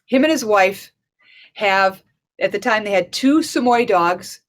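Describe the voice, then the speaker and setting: Animated woman telling a coaching story. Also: medium pitch, unhurried. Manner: conversational and animated, acts out dialogue in stories. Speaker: life and leadership coach. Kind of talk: conference talk with storytelling.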